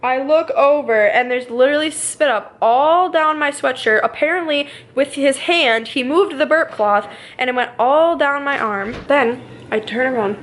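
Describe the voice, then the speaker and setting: A woman's voice: sits high, moderate pace, hardly any pauses, slight background noise, poor audio. A young woman vlogging, a mother telling a chaotic story in a chatty, ranting way full of fillers. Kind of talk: casual vlog storytime.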